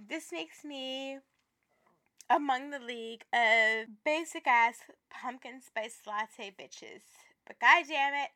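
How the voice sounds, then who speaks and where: A woman co-hosting a podcast in casual chat, profane and animated. Her voice sits high and sounds bright. She swings between loud outbursts and quieter asides. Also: takes it slowly. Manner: profane, animated, laughing, dramatic. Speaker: podcast co-host.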